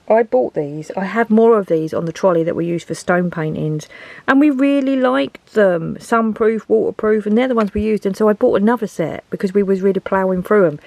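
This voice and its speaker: In her home craft room, a woman vlogs casually, rambling and thinking out loud as she sorts through her things and talks to herself. Her voice is medium in pitch, gravelly and somewhat dark.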